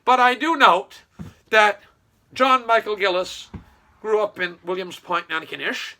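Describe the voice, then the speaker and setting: A man's voice: high-pitched, measured pace, pushed and bright. A man giving a sarcastic, opinionated political commentary monologue. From Nova Scotia. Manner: sarcastic, mocking storytelling. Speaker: online commentator.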